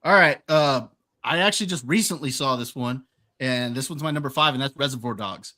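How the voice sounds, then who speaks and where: Man, podcast co-host, casual chat, animated, bright tone. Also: medium pitch, fairly quick. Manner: animated, laughs often while retelling movie scenes.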